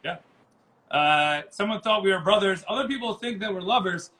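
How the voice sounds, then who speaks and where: A man's voice: high-pitched, expressive, pushed and bright, a little hiss or hum. An American man co-hosting a podcast, joking around and stumbling over his words with lots of restarts. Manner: halting, stammering, jokey. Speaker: podcast co-host. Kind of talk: casual chat.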